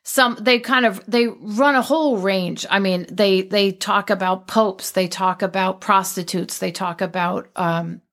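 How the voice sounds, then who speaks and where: A woman's voice: medium pitch, fairly even intonation, unhurried, hardly any pauses, a bit bright. Chatty, digressive woman. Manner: chatty, digressive, with many restarts. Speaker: guest discussing a poet. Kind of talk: casual conversation.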